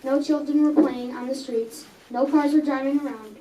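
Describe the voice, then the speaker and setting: A woman's voice: high voice, fairly even intonation, normal speed, warm tone, slight background noise. A young reader reading her own story aloud in a coffee house, earnest, with small stumbles and self-corrections. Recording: echoey room, mic at a distance.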